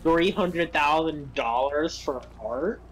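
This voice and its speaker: A woman gaming on stream, chatting casually and telling an animated story. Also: low-pitched, slow, a loud crowd, poor audio. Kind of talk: casual chat while gaming.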